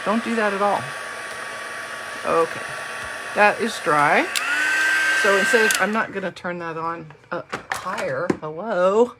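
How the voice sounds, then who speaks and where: A woman's voice: mid-range voice, a little slow, pauses often, very noisy. A woman, chatting and joking with viewers while she demonstrates card making. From Southern US. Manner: chatty, jokey, talks to viewers. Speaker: crafting demonstrator. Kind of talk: live card-making demo.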